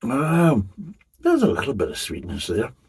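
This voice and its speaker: Very husky, gravelly low-voiced man. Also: huge pitch swings, measured pace. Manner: chatty, rambling, swears casually. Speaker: beer reviewer. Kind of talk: casual rambling beer review.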